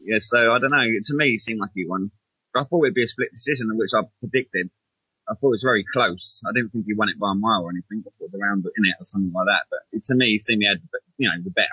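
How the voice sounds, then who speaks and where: A man's voice: on the low side, fast, bright, forceful tone, slightly rough, dry recording, poor audio. A man in casual chat as a podcast co-host, rambling and hesitant, often restarting his sentences, heard over an online call.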